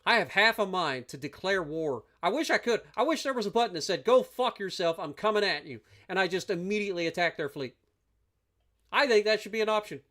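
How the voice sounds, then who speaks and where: High, bright and forceful, this man's voice carries his live gameplay commentary as he streams a strategy game and curses and rants at the players he's up against.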